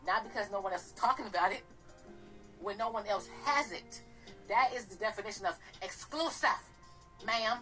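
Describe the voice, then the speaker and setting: Brief: female gossip host, bright, a little raspy, sassy and profane, faint music behind. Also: mid-range voice, moderate pace, poor audio. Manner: sassy, blunt, profane ranting. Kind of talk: casual commentary.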